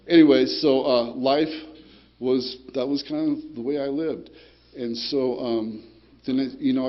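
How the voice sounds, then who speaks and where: At a recovery group meeting, a man gives a streetwise, rambling personal testimony about his recovery, swearing and repeatedly asking "you know, right?". His voice is medium-pitched, and the recording has its highs cut off.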